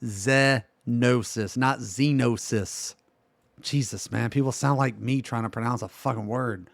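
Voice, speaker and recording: A young man streaming live, reacting loudly with blunt, profane jokes and laughter. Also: medium pitch, fairly even intonation, fairly quick, vocal fry, no echo.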